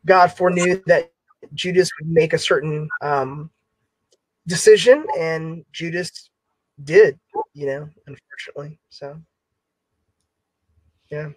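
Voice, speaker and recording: A man's voice: fairly high pitch, takes it slowly, long pauses, no echo, rough recording. A man hosting an online Bible class discussion, talking casually with many fillers. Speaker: class host.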